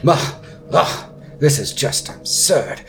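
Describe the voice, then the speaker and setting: A man's voice: on the high side, expressive, takes it slowly, gravelly, fairly bright tone, a little hiss or hum, voice pushed up, heavily acted. A man voicing a fussy, haughty young prince who whines and sighs in a pompous way. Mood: pompous, whiny. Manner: whiny, pompous, sighing.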